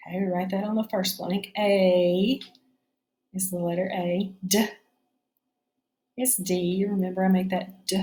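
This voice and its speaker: A woman's voice: medium pitch, a little mellow, reverberant. A woman teaching a phonics spelling lesson, explaining each step patiently.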